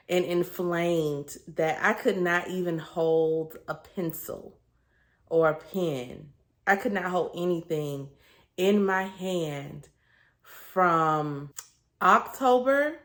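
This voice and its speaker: A woman giving a candid, casual vlog update to her viewers, talking in an earnest, chatty way with plenty of fillers and restarts. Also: lowish voice. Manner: chatty, earnest, with frequent fillers and self-corrections. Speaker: vlogger sharing a weight-loss surgery journey.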